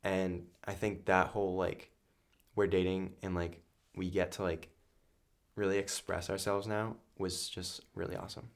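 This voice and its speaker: A man's voice: low voice, little pitch movement, moderate pace, gravelly. A young man talking as a podcast guest in casual chat, earnest and rambling with many fillers.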